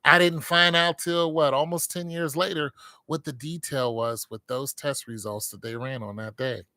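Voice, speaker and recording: A man's voice: fairly high pitch, steady tone, moderate pace, bright, forceful tone, no echo. A middle-aged man, a military veteran, talking casually and candidly to his viewers, rambling with many fillers.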